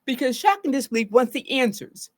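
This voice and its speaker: A middle-aged woman therapist speaks live to her viewers in a fairly high voice. Her pitch rises and falls widely as she explains, and she keeps checking in with a "right?". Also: a little fast. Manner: earnest, animated, often asks "right?". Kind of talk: live solo talk on trauma.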